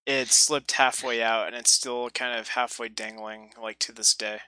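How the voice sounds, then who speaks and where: A man's voice: medium pitch, level tone, normal speed, bright, forceful tone, dry recording, rough recording. A man hosting a casual podcast with friends, talking in a joking, playfully grandiose way. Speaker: podcast host.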